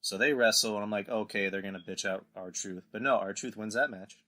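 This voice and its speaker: A man with a lowish, sharp-toned voice talks fairly quickly while hosting a casual wrestling podcast. He rambles through recaps and acts out quotes in put-on voices.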